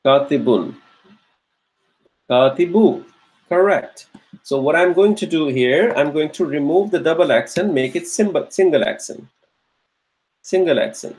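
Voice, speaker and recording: A man with a slightly high voice runs a grammar drill for an online class. He asks each question several times over and cheers on his students by name as they answer. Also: normal speed, a little mellow, poor audio. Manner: patient, encouraging drill questioning. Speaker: Arabic grammar teacher. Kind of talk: live online class lecture.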